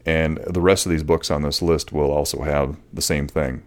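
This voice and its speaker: A man's voice: a bass voice, normal speed. A man hosting a solo podcast in casual, rambling talk with many fillers, in a voice he says people find soothing. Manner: relaxed, rambling, with frequent fillers and restarts. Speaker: podcast host.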